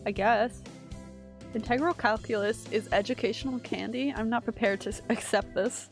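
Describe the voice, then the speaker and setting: A woman streamer reading a visual novel aloud and reacting with sudden excited exclamations. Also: on the high side, normal speed, faint music behind. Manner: reads game text aloud, breaks into excited exclamations.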